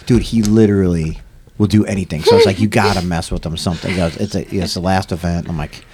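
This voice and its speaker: A man co-hosting a fitness podcast, telling a story in a rambling, animated way with many restarts. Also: deep voice, fast, background noise. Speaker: podcast co-host. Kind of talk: casual chat, storytelling.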